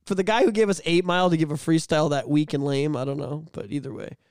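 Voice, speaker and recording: A man co-hosting a casual podcast, talking animatedly and swearing, slipping into mocking high voices. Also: fairly even intonation, fast, darkish tone, clear, resonant tone, no echo, clean studio sound. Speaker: podcast co-host. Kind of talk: casual chat.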